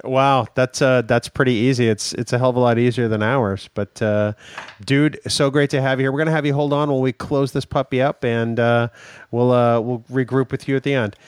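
A man's voice: medium pitch, fairly even intonation, a little fast, clean tone, no room sound. Upbeat male podcast co-host, dry sound. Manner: upbeat, wraps up segments. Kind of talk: casual chat.

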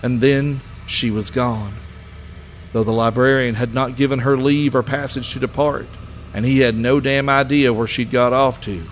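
A man narrating a scripted story with steady, even pacing. His voice sits in a mid range, and a faint hiss lies underneath. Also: medium pitch, normal speed.

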